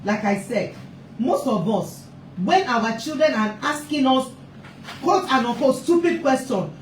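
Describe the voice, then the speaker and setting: A woman's voice: high-pitched, animated, measured pace, slight background noise. A woman giving an impassioned live talk to parents as a family therapist, emphatic and repeating her points for stress. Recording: roomy echo, distant mic, faint ambience.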